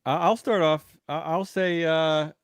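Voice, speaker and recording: A man's voice: on the high side, steady tone, a little slow, clean tone, no echo, studio quality. A man co-hosting a casual market-news podcast, wry and self-deprecating, often stammering as he starts a sentence. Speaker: podcast co-host.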